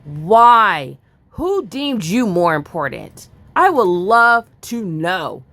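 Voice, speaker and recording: A woman's voice: mid-range voice, sing-song, takes it slowly, fairly bright tone. A woman angrily reading news aloud and ranting about it in a profane political vlog commentary. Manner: furious, profane, reads news aloud then rants.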